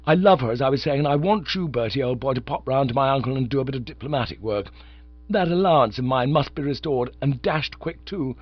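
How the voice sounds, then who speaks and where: A man voicing a bumbling, lovesick young English gentleman who gushes and pleads, in a dull, dry recording. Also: medium pitch, fairly quick, pitched above the performer's own voice, natural voice. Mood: eager pleading. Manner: gushing, pleading.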